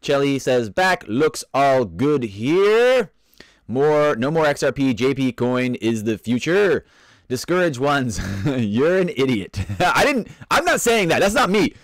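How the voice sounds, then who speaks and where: Male streamer, casual and self-mocking, very animated pitch, dry close-miked sound. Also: a little slow, no echo. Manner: playful, rambling, self-mocking, reads out chat comments. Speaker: live stream host. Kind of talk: casual live stream chat, greeting viewers.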